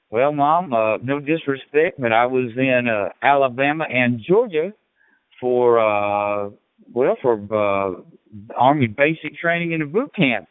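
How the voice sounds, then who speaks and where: A man's voice: on the high side, smooth, no room sound. A man in his sixties from Illinois with a slight Southern twang, chatting in a rambling, folksy way on a ham radio net. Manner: rambling, folksy storyteller with many fillers. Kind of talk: casual radio chat. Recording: tinny radio transmission.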